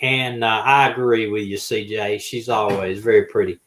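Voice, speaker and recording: A man's voice: on the low side, steady tone, moderate pace, fairly bright tone, poor audio. An older man, hosting a live stream and signing off in a folksy, chuckling, rambling way. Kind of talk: casual live stream sign-off.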